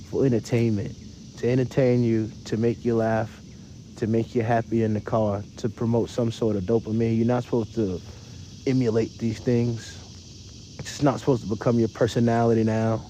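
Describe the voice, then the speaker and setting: A man's voice: medium pitch, mellow, slight background noise, poor audio. A man ranting in a casual live stream, profane and mocking, often repeating his phrases.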